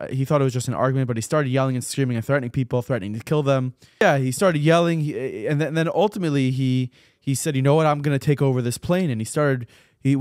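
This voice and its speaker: A man's voice: medium pitch, darkish tone, dry recording, studio quality. A man hosting a casual podcast chat, telling news stories conversationally and often repeating words as he gathers his thoughts. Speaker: podcast host.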